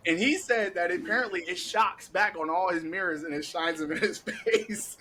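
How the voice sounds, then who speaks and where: A young man hosting a podcast, telling a story in a casual, animated way, laughing often and acting out what people said. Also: high voice, normal speed, slight background noise, rough recording. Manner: animated, laughing, heavy cursing, acts out quotes. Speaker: podcast host.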